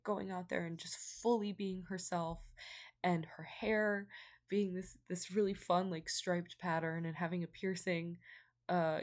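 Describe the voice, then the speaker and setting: A woman's voice: lowish voice, darkish tone. A young woman talking to camera in a casual vlog, heartfelt and rambling, with lots of fillers. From United States. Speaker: vlogger.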